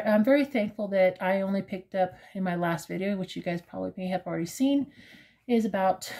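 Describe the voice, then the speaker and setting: Mellow-voiced woman with halting talk. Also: mid-range voice. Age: 50s. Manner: hesitant, halting, full of fillers; openly emotional, earnest. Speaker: crochet vlogger. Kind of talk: casual personal vlog talk.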